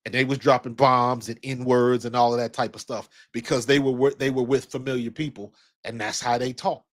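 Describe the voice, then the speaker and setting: This Ohio-raised man in his fifties offers casual basketball commentary mixed with personal stories, blunt, slangy and rambling, with some profanity. His medium-pitched voice is flat and moderately paced.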